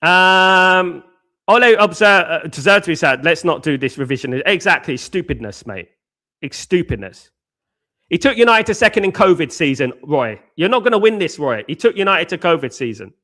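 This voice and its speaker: A man's voice: fairly high pitch, very animated, moderate pace, sharp tone. A man hosting a live fan show, answering chat in casual slangy banter and firing off combative rhetorical questions. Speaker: host.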